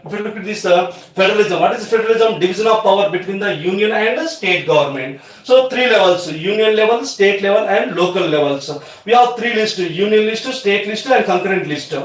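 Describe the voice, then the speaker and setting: Echoey man teaching. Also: sits high. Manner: halting, many fillers and restarts. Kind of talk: online exam revision class. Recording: very echoey room, far from mic.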